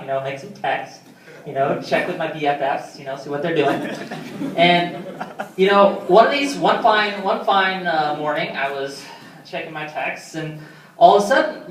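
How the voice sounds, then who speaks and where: A young man doing stand-up, telling rambling, self-deprecating stories full of fillers, recorded from far off in a roomy hall. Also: fairly high pitch. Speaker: stand-up comedian. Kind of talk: stand-up comedy storytelling.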